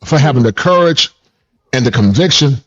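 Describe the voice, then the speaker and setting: A man in casual conversation, animated and emphatic, often saying things twice. His voice sits at a middling pitch, and the recording sounds slightly dull and lo-fi. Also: normal speed. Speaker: therapist and host.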